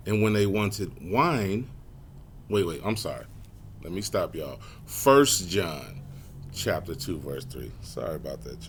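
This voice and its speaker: A man's voice: fairly low pitch, a little hiss or hum. Laughing casual preacher man. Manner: casual and conversational, laughing often, slows to read verses. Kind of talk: sermon with scripture reading.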